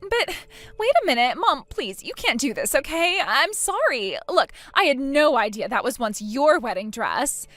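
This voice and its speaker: A spiteful young sister of the groom , played by a woman, taunts and whines in a high, very lively voice. The sound is dry and close. Faint music runs beneath. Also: normal speed, dry recording. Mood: whiny. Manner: mocking, whiny, petulant. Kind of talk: voiced text-story drama.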